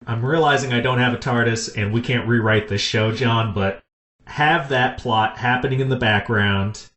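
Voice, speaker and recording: A man hosts a casual podcast chat and eagerly pitches story ideas, often breaking into laughter. His voice sits at an average pitch and sounds echoey, as if in a roomy space. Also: moderate pace, a bit bright. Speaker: podcast host. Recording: echoey room.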